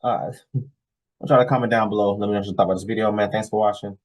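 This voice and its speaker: A man vlogging a casual, animated story, acting out dialogue and tossing in "whatever" often. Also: on the low side, racing, low-quality recording. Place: lives in Florida.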